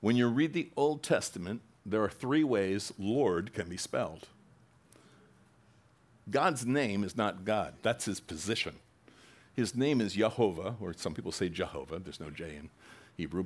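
A man preaching a sermon, reading scripture aloud with bursts of loud emphasis and casual asides to the congregation. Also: on the low side. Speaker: pastor.

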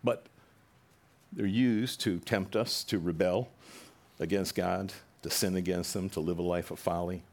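Male pastor, lowish voice, chatty sermon delivery that livens up when quoting others. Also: fairly even intonation, measured pace, darkish tone. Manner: conversational preaching, acts out quoted voices with rising animation.

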